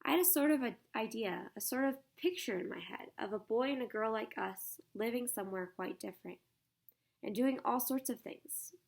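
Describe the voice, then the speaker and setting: Woman reader as sensible storybook girl; light, a touch higher, slightly gravelly. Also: moderate pace. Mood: dreamy. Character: sensible, practical young English girl. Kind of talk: audiobook character reading.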